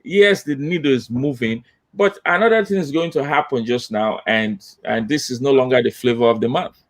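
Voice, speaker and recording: A man's voice: mid-range voice, lively intonation, fairly quick. A man speaking as a guest consultant on a panel, emphatic and repetitive with hesitant fillers. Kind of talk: panel discussion.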